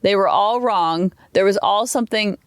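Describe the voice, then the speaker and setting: A woman's voice: mid-range voice, moderate pace, no echo, clean studio sound. A woman in her forties hosting a solo podcast, telling candid stories about her family life in a chatty, open way. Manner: chatty, candid, animated storytelling. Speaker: podcast host. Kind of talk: casual solo podcast monologue.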